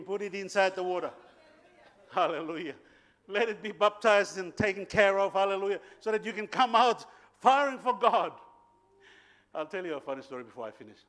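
A man from Papua New Guinea preaching a sermon, telling stories with loud bursts of emphasis and frequent laughter. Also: high voice. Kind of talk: sermon storytelling.

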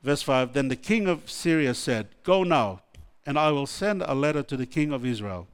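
A man's voice: mid-range voice, lively intonation, moderate pace, clean tone. A man preaching a sermon, reading Bible verses aloud and stopping to explain them, with restarts and exclamations along the way.

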